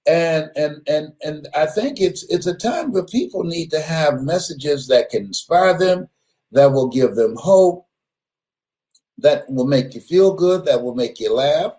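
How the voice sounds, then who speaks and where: A man giving an animated motivational speech, often laughing, repeating words and bursting into shouts. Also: on the high side, unhurried. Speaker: motivational speaker.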